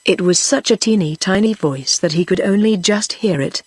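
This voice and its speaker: A text-to-speech woman's voice with a British English accent, reading a children's storybook aloud in an even, steady way. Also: mid-range voice, normal speed, breathy edge, no echo. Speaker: audiobook narrator. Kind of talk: scripted narration.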